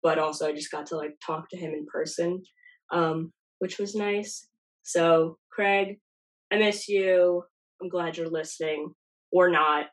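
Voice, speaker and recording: A woman's voice: fairly low pitch, steady tone, measured pace, low-quality recording. A young woman with a nasal voice, hosting a podcast in rambling, self-deprecating casual chat. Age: young adult. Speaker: podcast host.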